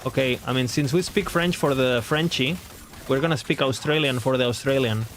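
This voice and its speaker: A man's voice: mid-range voice, fairly quick, a bit bright, a little hiss or hum. A man chatting casually on a game stream as its host, rambling along and often laughing at himself. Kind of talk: casual live-stream chat.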